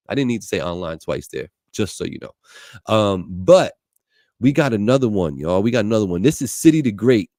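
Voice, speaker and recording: A man's voice: on the low side, animated, a little fast, darkish tone, no room sound, clean studio sound. A man hosting a radio show, chatting casually and introducing songs in a laid-back way. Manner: laid-back, chatty, peppered with "you know what I'm saying".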